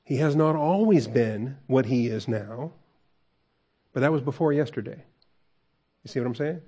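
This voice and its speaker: A man's voice: mid-range voice, expressive, normal speed, dark tone, husky. A man preaching a conversational verse-by-verse sermon as a pastor, asking the congregation questions and chuckling often.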